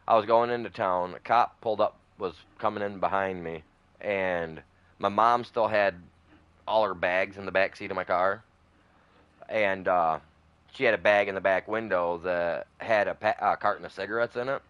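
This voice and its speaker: Rambling streamer, a man with a very low voice, dry and close, casual gameplay chat. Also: fairly even intonation, moderate pace, fairly bright tone, clear, resonant tone, no echo, muffled recording. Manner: rambling storyteller, many fillers and restarts. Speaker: gaming streamer.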